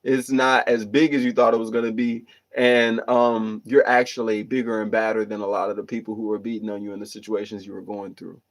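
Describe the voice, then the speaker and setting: A man's voice: fairly low pitch, flat delivery, fairly quick, few pauses. A man hosting a livestream, reading viewer comments and giving earnest, rambling motivational talk with restarts and repeated phrases.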